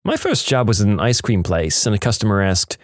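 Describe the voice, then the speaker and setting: A man narrating funny short stories in a dry, deadpan scripted delivery, briefly putting on voices for quoted lines. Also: fairly low pitch, fairly quick, no echo.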